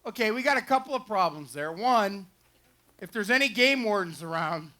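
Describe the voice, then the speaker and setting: Over a handheld or headset fairground mic, a dog trainer and show host jokes in a folksy way while demonstrating retrievers at an outdoor fair pond with a dock. His voice sits high, sounding expressive and sharp at normal speed.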